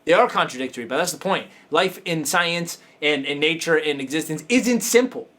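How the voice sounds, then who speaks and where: A man hosting a coaching show with a high voice that swings widely in pitch. He talks in a loose, emphatic motivational way, hammering phrases over and over and throwing in swearing and laughter. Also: animated, moderate pace, pushed and bright. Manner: emphatic, repetitive, profane, laughing asides. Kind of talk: casual motivational talk.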